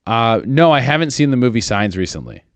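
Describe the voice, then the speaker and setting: Very animated and a touch fast, this man's mid-range voice comes through a studio microphone in a dry recording. He's a podcast host in his thirties, rambling with crude profanity, lots of fillers and repeated restarts.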